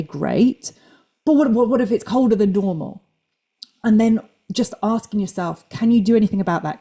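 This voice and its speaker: A woman coaching athletes over a video call, her voice low-pitched and warm. She talks in a chatty, practical way and playfully mimics anxious self-talk. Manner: chatty, animated quoting of inner thoughts. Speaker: fitness coach. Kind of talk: live online coaching talk.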